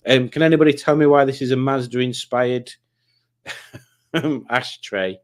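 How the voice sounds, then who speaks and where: This is a man at a middle pitch, hosting a relaxed stream from home. He reads viewer comments aloud, jokes about them and rambles between answers in a casual, chatty way. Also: unhurried, pauses often. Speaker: livestream host.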